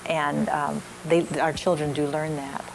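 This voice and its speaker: An older woman teaching a parenting class, gently telling stories from her own family with frequent restarts. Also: low-pitched, flat delivery, measured pace, creaky, a little hiss or hum, low-quality recording.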